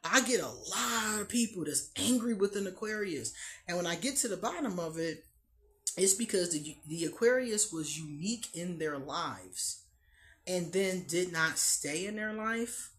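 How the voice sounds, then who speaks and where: A woman's voice: lowish voice, measured pace. A woman hosting an astrology talk channel, telling stories casually and laughing often. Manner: laughs often, animated storytelling. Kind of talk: casual chat to camera.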